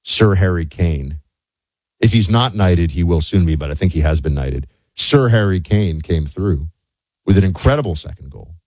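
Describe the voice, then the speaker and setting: A man talks in a loose, chatty monologue, circling back and restarting his sentences. His voice sits very low. The recording is dry and close, with no room sound. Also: expressive, moderate pace, a little mellow, dry recording. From United States. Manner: rambling, self-correcting, chatty. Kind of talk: casual monologue.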